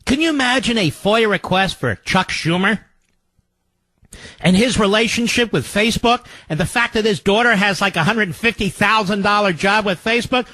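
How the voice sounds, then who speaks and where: A man's voice: sits high, moderate pace, pushed and bright, dry recording. A man hosting a political talk radio show, delivering a sarcastic, mocking monologue.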